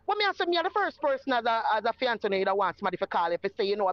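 Animated Jamaican woman telling a story. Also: mid-range voice, racing, hardly any pauses, dry recording, dull audio. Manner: animated, acts out the voices in her story. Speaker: guest telling her story. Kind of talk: casual storytelling.

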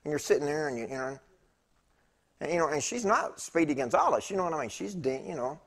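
A man preaching in church, telling a personal story in a chatty, animated way with laughing asides to the congregation. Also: on the high side, quick pace, vocal fry. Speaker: pastor. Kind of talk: storytelling sermon. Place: church sanctuary.

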